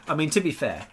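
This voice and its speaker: A man hosting a podcast in casual chat, joking and rambling with frequent laughs. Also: on the high side. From Norfolk, England. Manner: jokey, rambling, laughs often. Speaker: podcast host.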